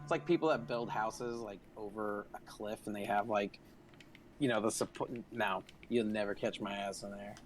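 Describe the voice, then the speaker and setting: A man's voice: fairly low pitch, moderate pace, slight background noise. A man hosting a gaming video, telling a long profane story in casual chat. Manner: profane, rambling anecdote-telling. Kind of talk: casual chat while playing.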